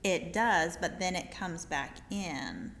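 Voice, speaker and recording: Chatty woman with a bright voice. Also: fairly low pitch, animated, takes it slowly, gravelly, slight background noise. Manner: chatty, laughs often, many ums. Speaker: yarn shop co-host. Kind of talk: casual chat. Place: yarn shop.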